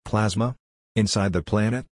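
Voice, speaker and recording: A man's voice: lowish voice, normal speed, slightly rough, no room sound, studio quality. A man reading the lines of a confused, irritable man in a story, asking short, baffled questions. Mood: bewildered. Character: confused, irritable man losing his temper.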